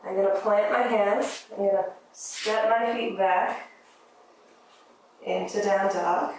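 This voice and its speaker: A woman teaching a yoga class, giving gentle, encouraging step-by-step cues for breath and movement. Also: mid-range voice. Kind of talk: guided yoga class instruction. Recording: very echoey room, mic at a distance.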